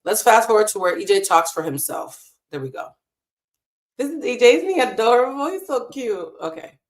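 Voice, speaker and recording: A woman's voice: fairly high pitch, big pitch swings, normal speed. Impassioned woman hosting a live stream. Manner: impassioned, emotional, swears freely. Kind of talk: casual live stream commentary. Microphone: desk mic in a hotel room.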